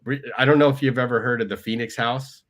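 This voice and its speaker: A man's voice: mid-range voice, fairly even intonation, fast, a bit bright. A man, a podcast guest telling his life story in a conversational way, often tagging lines with "right?". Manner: conversational, tag questions, quoting others. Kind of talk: storytelling interview.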